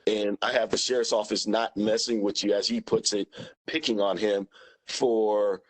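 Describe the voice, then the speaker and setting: Male witness, lowish voice, blunt and repetitive under questioning. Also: steady tone, normal speed, low-quality recording. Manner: plain-spoken, emphatic repetition. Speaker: witness, former union president.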